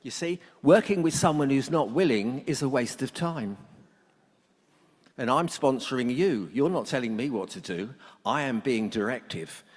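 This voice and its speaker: A man's voice: medium pitch, animated, normal speed. A middle-aged man speaking to a workshop audience, a blunt and joking storyteller. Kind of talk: humorous talk to an audience. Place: conference hall. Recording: long hall reverb.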